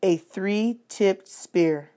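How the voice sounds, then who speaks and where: A woman reading a chapter book aloud, with a steady, clear storytelling delivery. Her voice sits at a middling pitch for a woman. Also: very slow. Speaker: reader. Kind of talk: audiobook read-aloud narration.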